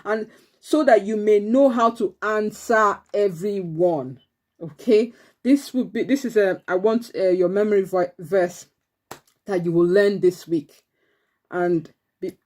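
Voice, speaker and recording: This Sunday school teacher speaks in a mid-range, somewhat mellow voice while leading preteens through an online church lesson. She offers encouragement and repeats what the children say.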